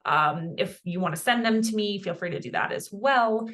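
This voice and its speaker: A young woman teaching a casual beginner language lesson in a chatty, self-deprecating, animated way. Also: mid-range voice, moderate pace. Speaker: Spanish teacher.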